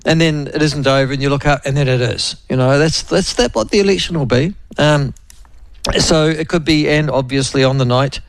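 A man's voice: fairly high pitch, a little fast, dry recording. A man hosting morning talk radio in a wry, rambling, opinionated monologue.

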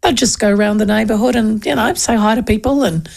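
Woman, radio host, gravelly, chatty and giggly. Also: a little high, fast, darkish tone. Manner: chatty and laughing, reading listener texts. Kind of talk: casual radio chat.

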